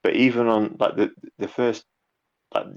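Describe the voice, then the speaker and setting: Deep gravelly guy rambling through an interview, dull lo-fi sound. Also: normal speed. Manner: relaxed, rambling with repeats and fillers. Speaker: guest, YouTube narrator. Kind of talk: casual interview chat.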